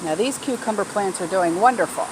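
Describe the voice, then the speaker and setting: A woman's voice: mid-range voice, animated, a little fast, noisy background. A middle-aged woman talking casually in a rambling, heartfelt way, with lots of fillers, in a backyard garden video. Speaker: garden vlogger. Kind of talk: casual vlog talk.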